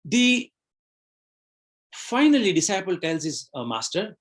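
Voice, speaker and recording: A man's voice: high-pitched, very animated, measured pace. Earnest man giving a motivational talk. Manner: earnest, repeats phrases, addresses listeners as "you and I". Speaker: webinar trainer.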